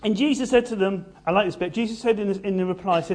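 A man preaching a sermon in an animated, conversational way with playful asides. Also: high voice, fast talker, hardly any pauses.

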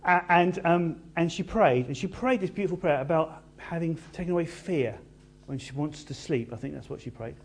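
A man preaching a sermon in an animated, conversational way with playful asides. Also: fairly high pitch, moderate pace, husky.

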